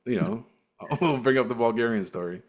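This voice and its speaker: Speaking at a normal pace in a mid-range voice, this Cypriot podcast co-host spins stories during casual conversation. Frequent laughter and restarts punctuate his talk.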